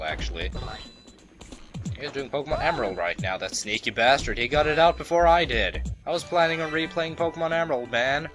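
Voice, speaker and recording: A young man giving casual, rambling commentary as a let's play host, full of playful jokes and asides. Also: medium pitch. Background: game music.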